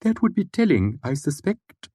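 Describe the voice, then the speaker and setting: A man's voice: high voice, wildly swooping pitch, measured pace, darkish tone, no room sound, studio quality, voice pushed up, full character voice. A man voicing an odd, childlike archive dweller who talks in a distracted, theatrical way. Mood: distracted, whimsical.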